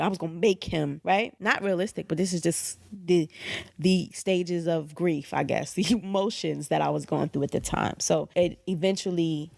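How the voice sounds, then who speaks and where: Woman, 30s, therapist, animated storyteller; low, gravelly voice, dry sound. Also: moderate pace, no echo. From United States. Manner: candid, animated, acts out quoted voices. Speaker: psychotherapist. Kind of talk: personal storytelling vlog.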